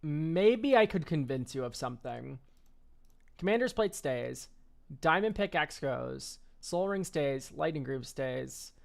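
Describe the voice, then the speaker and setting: A man's voice: a little high, lively intonation, takes it slowly, creaky. A man streaming a casual card-game deck review, rambling and offhand, swearing and laughing easily.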